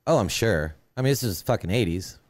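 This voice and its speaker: A stoned man co-hosts a podcast in a low voice. He rambles in a laid-back way and swears freely. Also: animated, a little fast. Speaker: podcast co-host. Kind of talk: casual chat.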